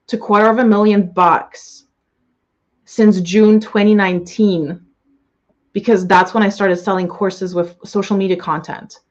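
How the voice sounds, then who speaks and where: A young woman business coach closing a live webinar, gushing and excitable, swearing freely as she greets viewers. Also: medium pitch, muffled recording.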